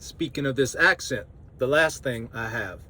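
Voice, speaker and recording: A truck driver from New Orleans with a New Orleans accent, chatting casually to camera in a vlog and laughing often. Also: male voice, mid-range voice, moderate pace, pushed and bright, husky. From New Orleans, Louisiana.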